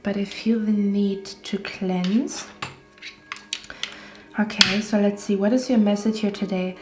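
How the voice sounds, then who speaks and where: A woman's voice: medium pitch, steady tone, slow pace. A woman giving a casual tarot reading, chatty and reassuring, often checking in with "okay?". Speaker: tarot reader. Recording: roomy echo with faint music.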